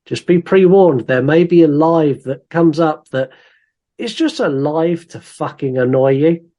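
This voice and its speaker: Animated man co-hosting a podcast. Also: fairly high pitch, a little slow. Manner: animated, reads listener comments aloud with put-on voices. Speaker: podcast co-host. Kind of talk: casual chat.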